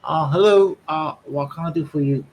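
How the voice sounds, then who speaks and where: A man's voice: on the high side, moderate pace, dull audio, slight background noise, voice pushed up, lightly acted. A man doing a timid teenage rat acolyte. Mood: flustered polite. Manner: hesitant, polite.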